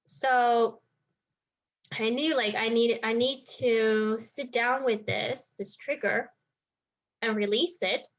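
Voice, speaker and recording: With a fairly high pitch and a steady tone, this woman healer talks slowly through a personal experience in a reflective vlog. She circles her ideas and often says "like" and "you know." The sound is dull and lo-fi.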